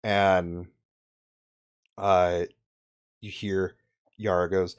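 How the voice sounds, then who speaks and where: A young man narrating a tabletop game as game master, halting with many fillers and restarts. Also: sits low, steady tone, clear, resonant tone.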